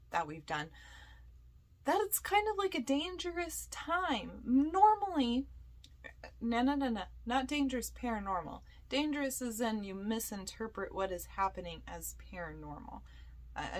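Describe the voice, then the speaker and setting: A young woman hosts a paranormal podcast and tells the story casually, full of fillers and asides. She slips into little acted-out quotes as she goes, in a voice of middling pitch. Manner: chatty and animated, lots of fillers, acts out quoted lines. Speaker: podcast host and paranormal investigator.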